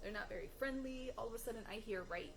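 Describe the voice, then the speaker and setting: A woman vlogger telling a story to camera in a chatty, animated way, laughing often and leaning on "like" and "you know.". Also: fairly high pitch, rapid-fire, creaky, very noisy. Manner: heavy use of "like" and "you know" as fillers. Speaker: vlogger on manifesting.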